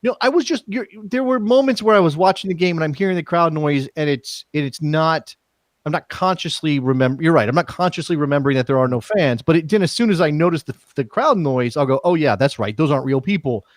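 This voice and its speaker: A man with an American accent co-hosting a casual soccer talk show, jokey and thinking out loud with restarts. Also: on the high side, expressive, fast talker, dry recording. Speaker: co-host.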